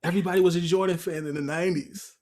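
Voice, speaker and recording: A man hosting a podcast interview in casual chat, appreciative and quick to laugh. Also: high-pitched, steady tone, a little mellow. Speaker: podcast host.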